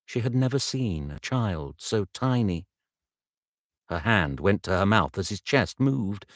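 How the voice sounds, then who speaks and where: A man narrating an audiobook, reading slowly and carefully and stopping now and then to retake a line. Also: deep voice, animated, dry recording, studio quality. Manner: slow, measured reading with retakes. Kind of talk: audiobook narration recorded live.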